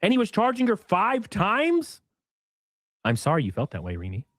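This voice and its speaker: High-pitched dude co-hosting, super animated, chatting with the chat. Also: male voice, moderate pace, no echo. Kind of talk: casual commentary stream.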